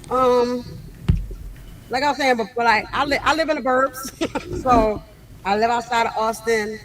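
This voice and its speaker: A high-voiced man speaks bluntly and profanely as a guest therapist on a remote call. Steady noise hisses under his voice on the call line. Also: a little slow. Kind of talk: casual interview. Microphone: video call. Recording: noisy remote call audio.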